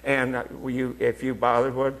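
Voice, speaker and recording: A man in his nineties, a medicine show performer, reminiscing as a guest in a folksy, halting way. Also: mid-range voice, completely flat delivery, a bit bright, poor audio. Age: 90s. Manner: folksy, halting, with many fillers and restarts. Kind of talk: reminiscing interview talk.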